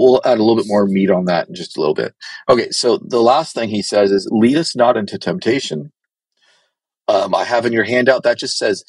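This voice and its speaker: Guy preaching bluntly, low husky voice, dry close sound. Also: dry recording. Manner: blunt, direct and exhorting. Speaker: pastor. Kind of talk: sermon teaching.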